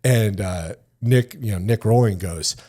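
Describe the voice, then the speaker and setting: Low-voiced profane man telling war stories. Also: a little slow, dark tone. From United States. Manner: profane, rambling, fills speech with "like", acts out quoted lines. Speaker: podcast guest, retired Army sergeant major. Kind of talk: casual storytelling.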